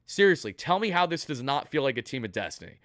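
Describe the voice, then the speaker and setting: A man's voice: medium pitch, very animated, fairly bright tone, no echo, clean studio sound. Hyped man hosting a postgame stream. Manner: hyped, rapid thank-yous to donors. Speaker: sports channel host.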